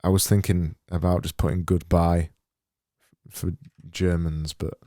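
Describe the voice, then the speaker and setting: A man with a deep, mellow voice rambles through a livestream of his design work. He talks slowly and mutters to himself, often mocking himself. The sound is close and dry. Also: flat delivery, dry recording. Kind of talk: thinking-aloud livestream commentary.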